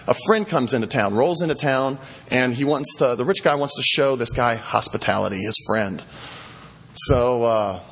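A man's voice: medium pitch, fairly bright tone, husky, big-room sound. A man preaching, retelling a scripture story in a casual, rambling way with fillers and restarts, then reading a psalm aloud.

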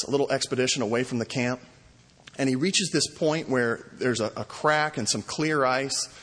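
A man preaches a sermon to his congregation, retelling stories at an uneven pace and acting out the cries for help. His voice is a little husky. It carries a long reverb from a large church hall. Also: mid-range voice. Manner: storytelling preacher, varies pace, acts out cries. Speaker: pastor.

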